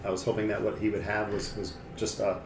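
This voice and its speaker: A man joining a tabletop game as a player, joking in a halting way. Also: lowish voice, flat delivery. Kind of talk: casual role-play chat. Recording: echoey room with clear background noise.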